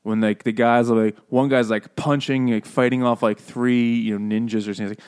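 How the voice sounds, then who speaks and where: A man's voice: mid-range voice, level tone, brisk, hardly any pauses, darkish tone, clear, resonant tone. A man co-hosting a casual book-and-beer podcast, rambling, swearing freely and laughing often. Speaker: podcast co-host. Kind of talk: casual book chat over beers.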